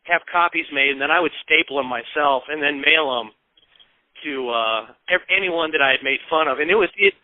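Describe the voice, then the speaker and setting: A man's voice: a little high, a little fast, dry recording. Chatty man on a tinny, dry line. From Peoria, Illinois, US. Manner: lively anecdotes, acts out quoted voices, swears casually. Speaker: guest. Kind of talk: casual storytelling interview. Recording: tinny phone-like dry sound.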